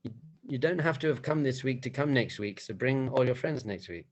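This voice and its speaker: A man serving as a rabbi, telling a playful, animated story as part of a spiritual talk to a group. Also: medium pitch, fairly quick, rough recording.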